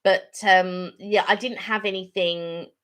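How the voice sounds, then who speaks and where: A woman's voice: mid-range voice, fairly even intonation, slow, a bit bright, clean tone. A middle-aged woman co-hosting a casual live-stream chat, rambling and chatty, laughing easily. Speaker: channel co-host.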